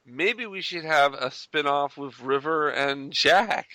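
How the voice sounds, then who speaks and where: A man hosting a fan podcast, chatting casually and animatedly with quick restarts and chuckles. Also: a little high, pushed and bright, no echo. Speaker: podcast host.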